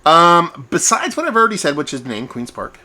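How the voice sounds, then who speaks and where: A fairly high-pitched man talks at a fairly quick clip over slight background noise. He's hosting his own beer review vlog from home, chatty and animated, rambling along and poking fun at himself.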